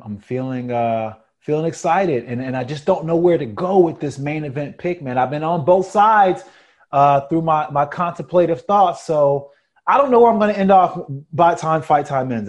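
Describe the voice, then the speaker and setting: A man co-hosting a podcast in a relaxed, easygoing chat, laughing often. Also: fairly high pitch, moderate pace, muffled recording. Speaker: podcast co-host.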